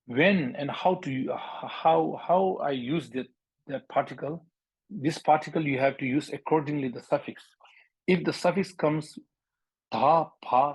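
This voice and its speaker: A man from Bhutan teaching a language lesson, speaking halting English, repeating words and drilling sounds aloud. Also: a little high, breathy edge, no echo, rough recording.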